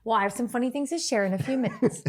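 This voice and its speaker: A woman's voice: a little high, rapid-fire. A woman co-hosting a casual business podcast who answers questions earnestly and laughs easily. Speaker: podcast co-host.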